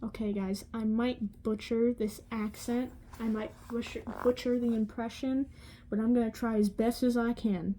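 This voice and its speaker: A woman reading a novel aloud slowly and carefully, with some slips. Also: on the high side, steady tone, dark tone, a little hiss or hum, low-quality recording. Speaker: audiobook reader.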